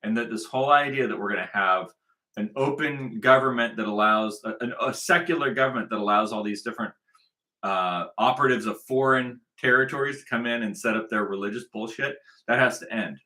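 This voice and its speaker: A man's voice: mid-range voice, brisk, sharp tone. A man delivering a combative, repetitive commentary monologue, hammering his points with emphasis. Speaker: online commentator.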